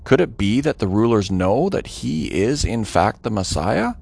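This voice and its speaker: Male reader for scripture audio, gravelly texture, lively melodic reading, dramatic delivery. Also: fairly low pitch, unhurried. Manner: dramatic, varied delivery with voiced quotes.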